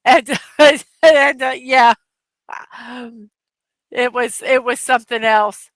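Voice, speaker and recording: A woman's voice: sits high, takes it slowly, fairly bright tone, no room sound. A middle-aged woman hosting a casual livestream chat, telling rambling stories full of fillers and laughs from her computer desk at home. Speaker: livestream host.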